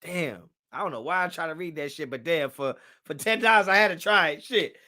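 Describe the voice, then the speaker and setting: A man with a bright, forceful, slightly high voice runs a casual live stream. He answers the chat in loose slang, brushing people off with a quick "get outta here." His tone stays high and sharp throughout. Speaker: livestream host.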